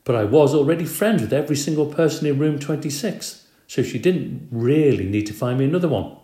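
A man reading aloud, voicing a small cheerful classroom pet hamster with squeaky, excited exclamations. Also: brisk, natural voice. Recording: roomy echo.

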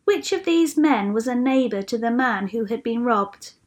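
A woman voicing Jesus as a calm, kindly male teacher in a read-aloud storybook, speaking gently and patiently. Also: a little high, moderate pace, voice pushed up, close to an everyday voice.

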